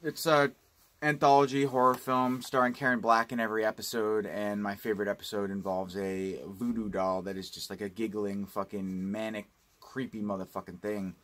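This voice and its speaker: A man's voice: on the low side, flat delivery, moderate pace, a bit bright. A man giving a casual unboxing review of home video releases, rambling and ranting with plenty of swearing. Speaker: home video collector vlogger.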